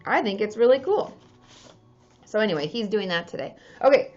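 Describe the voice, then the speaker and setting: A woman's voice: medium pitch, big pitch swings, normal speed, a little mellow. Woman therapist, casual livestream chat, from Washington State, slightly dull sound, faint music behind. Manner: chatty, reads viewer names and comments aloud.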